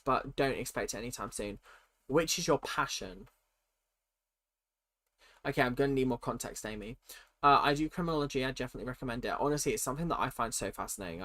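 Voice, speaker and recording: A man's voice: mid-range voice, bright, forceful tone. A young man with a cold, chatting casually on a livestream as he reads viewer questions aloud and answers them candidly. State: has a cold. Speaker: streamer.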